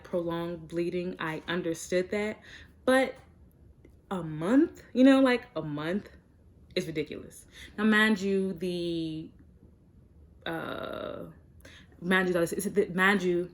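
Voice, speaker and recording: A young woman talking frankly and chattily to her viewers in a casual vlog, with plenty of fillers. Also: lowish voice. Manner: chatty and direct, many fillers. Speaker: vlogger. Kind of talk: frank casual chat to camera.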